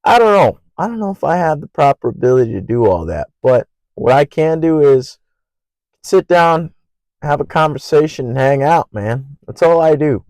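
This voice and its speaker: A young man hosting his own podcast alone, rambling in an earnest, profane way and naturally loud. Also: fairly high pitch, expressive, moderate pace, no room sound, rough recording. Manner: loud by habit. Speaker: podcast host. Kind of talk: casual solo podcast monologue.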